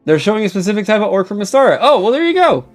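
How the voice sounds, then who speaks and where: Young streamer guy, super lively voice jumping all over, swears a lot, bit of music behind. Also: sits high, rapid-fire. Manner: animated, swears freely, exclaims in mock outrage. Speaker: streamer reading chat. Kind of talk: casual stream chat.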